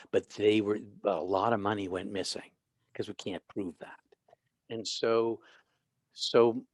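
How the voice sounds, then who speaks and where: A middle-aged man telling a long personal story in an interview, animated, with many restarts and acted-out quotes. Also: on the low side, no room sound. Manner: animated, restarts often, acts out quoted people. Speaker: guest, author and former minister.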